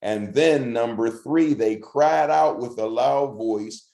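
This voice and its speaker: A man's voice: mid-range voice, gravelly, warm tone. Earnest male preacher in an echoey room. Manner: earnest, encouraging, slows down to read scripture. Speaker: pastor. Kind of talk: short devotional sermon.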